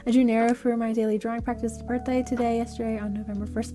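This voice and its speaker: A woman hosting a casual livestream, chatting to viewers in a rambling, halting way with many fillers and giggles. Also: fairly high pitch, little pitch movement, warm tone. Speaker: livestream host. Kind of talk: casual livestream chat, answering chat. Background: faint background music.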